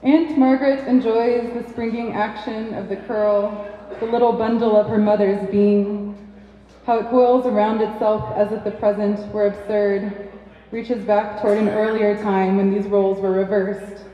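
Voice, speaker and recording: A woman giving a measured, lyrical poetry reading at a pub reading night, with shy asides between poems. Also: medium pitch, level tone. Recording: echoey dull sound from a distant mic in a pub.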